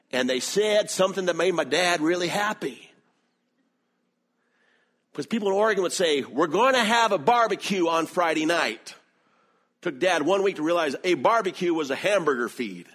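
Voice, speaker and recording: A middle-aged man from the American South with a Southern accent, preaching a sermon with animated storytelling. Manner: animated storytelling with lively swings in pitch. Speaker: pastor.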